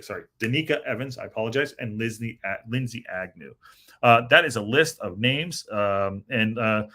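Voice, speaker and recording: Rambling, joking podcast host. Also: male voice, medium pitch, fairly bright tone. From United States. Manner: rambling, joking, many fillers and restarts. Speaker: podcast host reading live chat. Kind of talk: casual live-stream chat.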